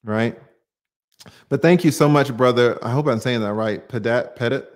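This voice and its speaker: A man's voice: mid-range voice, moderate pace. A man hosting a livestream, talking emphatically to viewers, firing off rhetorical questions and casual swearing while he answers their comments.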